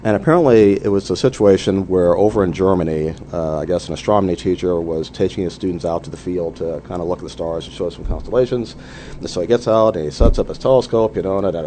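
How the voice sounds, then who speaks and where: Deep-voiced man musing in an interview. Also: warm tone, a little hiss or hum. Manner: measured, many "you know" fillers. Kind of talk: conversational interview.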